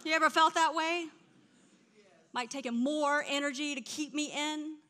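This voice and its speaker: High, bright woman preaching. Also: normal speed. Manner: animated storytelling, swings from hushed to loud. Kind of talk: sermon.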